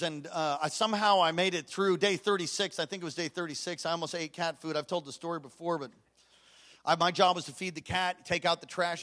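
A man, a pastor, preaching a sermon in church to a congregation, moving between rousing, shouted exhortations and hushed storytelling, and calling on the crowd to respond. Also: fairly high pitch. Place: church service before a congregation.

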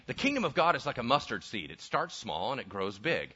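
A man preaching a lively sermon, conversational and full of rhetorical questions. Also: mid-range voice, a little fast, hardly any pauses, slightly rough. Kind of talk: animated sermon with acted-out voices. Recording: dull lo-fi sound.

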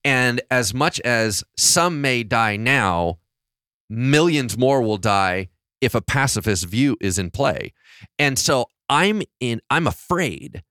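Man on a podcast, animated storytelling, bright tense tone, dry close mic. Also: mid-range voice, slow, clean tone, dry recording. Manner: expressive storyteller, acts out his own reactions. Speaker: podcast co-host. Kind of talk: casual podcast discussion.

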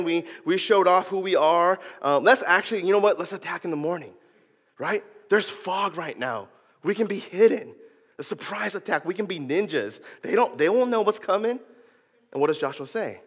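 A man delivers a lively sermon in a high voice. He acts out characters from the story in casual slang. His voice rings with the long reverb of a church hall. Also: normal speed, husky. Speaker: preacher.

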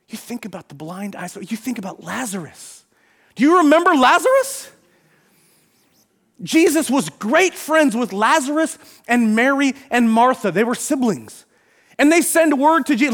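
High-voiced animated man preaching. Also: normal speed. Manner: animated, acts out Bible scenes with shouting. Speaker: pastor. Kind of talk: sermon.

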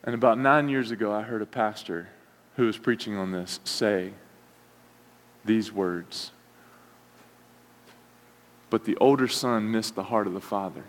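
A man preaching a sermon, retelling a story with lively asides and acting out the characters' complaints. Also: lowish voice, a little slow, long pauses. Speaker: pastor. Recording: long hall reverb.

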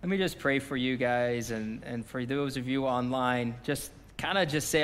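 A man preaching a sermon as pastor, swinging from impassioned shouting to a hushed closing prayer. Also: medium pitch, moderate pace, hardly any pauses, smooth, big-room sound. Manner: impassioned, shouting repeated phrases, then dropping to a quiet prayer.

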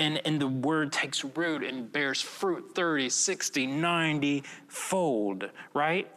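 A man's voice: medium pitch, sharp tone, big-room sound. A young man preaching a filmed sermon in an earnest, conversational way, often checking in with "right?". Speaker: pastor.

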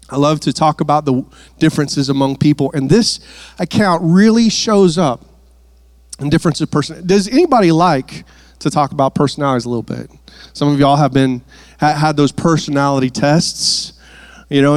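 A man's voice: a little high, darkish tone, dry recording, clean studio sound. A man preaching a sermon, with playful asides and repeated words.

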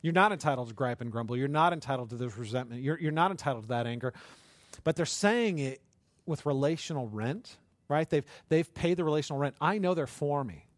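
With a fairly high, lively voice and a slightly quick pace, a male pastor gives a conversational sermon. He tells stories, checks in with the audience using tag questions, and plays out the characters' voices, all with no echo.

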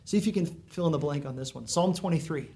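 A man delivers a sermon, speaking earnestly and conversationally. He leans into dramatic pauses and emphasis, and his voice sits a little high for a man. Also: dark tone. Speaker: pastor. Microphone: recorded for viewers at home.

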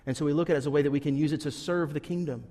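A man's voice: on the high side, fairly even intonation, racing, warm tone, in a large hall. A man preaching a sermon, telling a Bible story earnestly and acting out the characters' lines. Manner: earnest storytelling, acts out quotes. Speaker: pastor.

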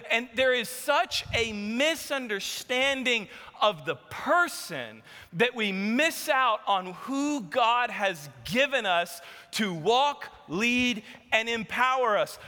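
A man preaching a sermon, telling a story with animated, emphatic delivery. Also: very high-pitched, slow. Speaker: pastor. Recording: long hall reverb.

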